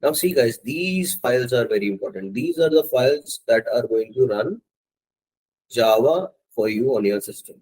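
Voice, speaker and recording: A man teaching a software testing course, walking students step by step through setting up Java and often checking in with "okay" and "right". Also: mid-range voice, lively intonation, moderate pace, slightly rough, low-quality recording. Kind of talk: screen-share coding tutorial.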